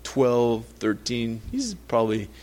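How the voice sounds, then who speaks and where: Male pastor, mid-pitched, casual sermon delivery with scripture reading. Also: sing-song, slow pace, darkish tone, a little hiss or hum. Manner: conversational preaching, acts out quotes, rises in pitch when emphatic.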